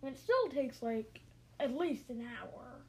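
A woman's voice: high-pitched, very animated, slow pace, darkish tone, slightly rough, poor audio. A woman listening to a story and asking curious, hesitant questions.

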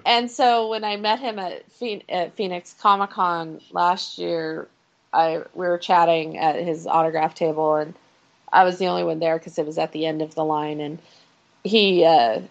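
A woman co-hosting a podcast, telling a convention story in an animated, laughing way. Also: fairly low pitch, moderate pace, lo-fi sound. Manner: animated storyteller, laughs often, acts out quotes. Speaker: podcast co-host. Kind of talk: casual chat.

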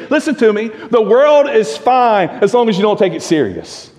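High-voiced preacher in a reverberant church. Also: male voice, big pitch swings, normal speed, hardly any pauses. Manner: emphatic, rhetorical questions, swings from loud to hushed. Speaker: pastor. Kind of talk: sermon. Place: church sanctuary. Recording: long reverb of a church sanctuary.

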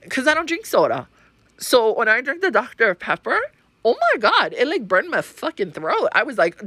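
Profane, chatty woman podcaster, low voice. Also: fairly bright tone, dry recording. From Hawaii. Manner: chatty and profane, with frequent laughs. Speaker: podcast host. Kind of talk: casual spiritual-astrology podcast monologue.

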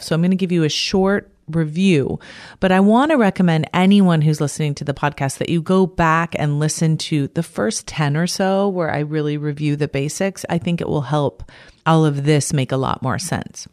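A woman talks alone to her listeners in a relaxed, chatty way, often laughing. Her voice sits low. The sound is close and dry, with no room echo. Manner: warm, chatty, laughs easily. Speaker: podcast host and life coach. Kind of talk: casual solo podcast talk.

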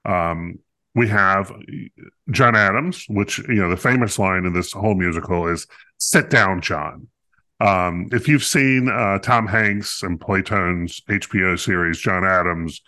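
A man's voice: low voice, bright, forceful tone. A man co-hosting a podcast, reviewing a musical in casual chat, talkative and playful with many fillers.

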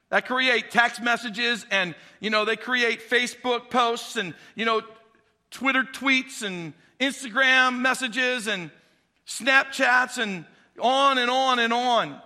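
A male pastor preaching a sermon, swinging between quiet, conversational asides and loud, shouted exhortation. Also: very high voice, long reverb tail.

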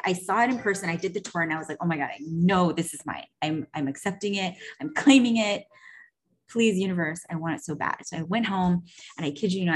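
A young woman in a casual vlog, telling a story in a chatty, animated way, swearing freely and filling her talk with "like" and "right?". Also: fairly low pitch. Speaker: business coach.

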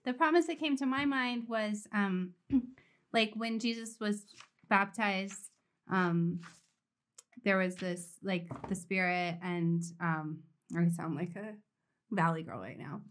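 A woman's voice: mid-range voice, slow pace. A woman co-hosting a live devotional discussion, speaking casually and a bit hesitantly, with fillers like "um" and "like". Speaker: co-host.

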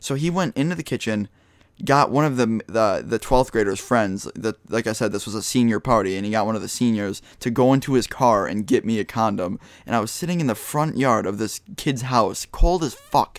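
A man's voice: on the low side, no room sound. A young man telling a personal story in a casual, rambling way, full of fillers. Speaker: vlogger. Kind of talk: storytime vlog.

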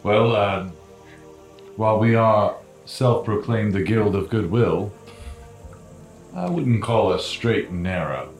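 A man playing a tabletop game, speaking in a hesitant, halting way. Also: on the low side, animated. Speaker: player. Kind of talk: tabletop role-play. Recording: roomy echo, faint music.

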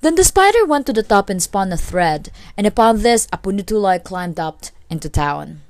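A woman narrating a folk tale in a steady, clear read-aloud manner. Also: mid-range voice, normal speed, no echo. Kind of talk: storytelling narration.

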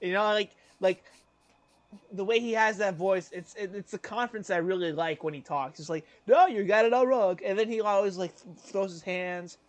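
High-voiced young man, rambling chat. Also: steady tone. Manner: rambling, full of "like" and restarts, breaks into quick voice impressions. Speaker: podcast co-host. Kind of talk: casual chat.

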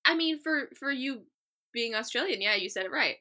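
A young adult woman co-hosting a podcast in casual chat, encouraging and gently teasing. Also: sits high, lively intonation, moderate pace. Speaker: podcast co-host.

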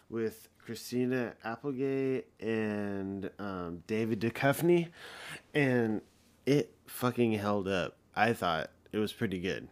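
A man's voice: on the low side, clean tone. A man in his thirties hosting a podcast, telling a story in a casual, rambling, heated way with plenty of swearing. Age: 30s. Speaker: podcast host.

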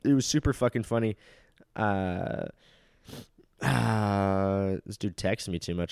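Crude, rambling young man, low dry voice. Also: fairly even intonation, unhurried, gravelly, long pauses, a little mellow, clean tone, dry recording. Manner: crude, rambling, heavy swearing and constant "like" fillers. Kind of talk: casual solo monologue.

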